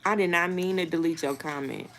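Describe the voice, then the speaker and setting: A woman's voice: fairly low pitch, a little fast, fairly bright tone, a little hiss or hum. A woman in her thirties, a mother, chatting casually with her viewers, calling them y'all and laughing often. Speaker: vlogger reading viewer comments. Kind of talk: casual live chat with viewers.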